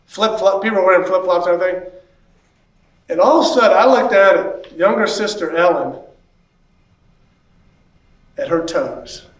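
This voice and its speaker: Man, 50s, pastor, storytelling talk, high voice, animated, acts out quotes, distant mic, echoey hall. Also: normal speed, long pauses. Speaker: pastor and church consultant. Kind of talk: personal storytelling speech. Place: large conference hall.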